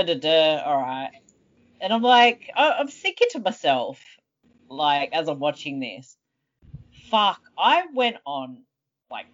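A woman telling stories with a lively, swooping voice that jumps between high and low, slow and drawn out. She swears freely and acts out scenes in exaggerated voices. The sound is dull and lo-fi. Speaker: podcast co-host. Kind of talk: casual chat.

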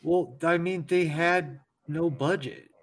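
Gravelly-voiced American podcast co-host. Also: male voice, fairly high pitch, steady tone, slow pace. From United States. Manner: knowledgeable, joking. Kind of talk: casual chat.

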